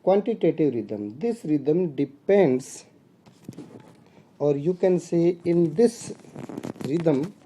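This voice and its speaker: Slow, dark-voiced Indian English lecturer. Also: male voice, fairly high pitch, lively intonation, a little hiss or hum. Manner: deliberate, repeats points, frequent fillers, addresses students as dear friends. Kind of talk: recorded video lecture.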